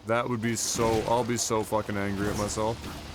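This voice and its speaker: A man's voice: on the low side, level tone, moderate pace, background noise. A male streamer giving live gameplay commentary, frustrated and swearing constantly as he rants. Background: game music.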